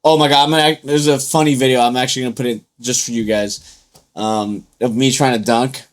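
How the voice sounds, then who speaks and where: A young man from the United States talking loosely and crudely, a bit tipsy after a few drinks. He acts out other people's lines as he tells stories in a relaxed co-host chat. His voice sits in a middle register. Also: mid-range voice, fairly quick. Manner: loose, profane storytelling with acted-out quotes. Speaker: podcast co-host. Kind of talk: casual chat.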